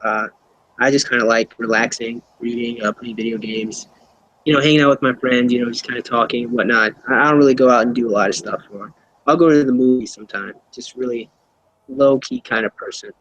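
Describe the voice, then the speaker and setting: A man's voice: medium pitch, steady tone, brisk, fairly bright tone, muffled recording, slight background noise. A young man answering interview questions casually, rambling with many fillers and restarts. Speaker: YouTuber being interviewed.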